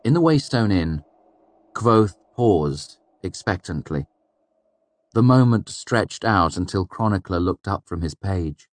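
A man narrating an audiobook in a measured, even storytelling manner. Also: low-pitched, no room sound. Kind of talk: scripted narration.

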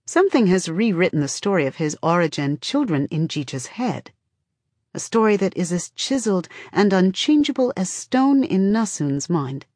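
Audiobook narrator: woman, low and husky, measured storytelling, dry studio sound. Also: big pitch swings, a little mellow, no room sound. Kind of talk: scripted narration.

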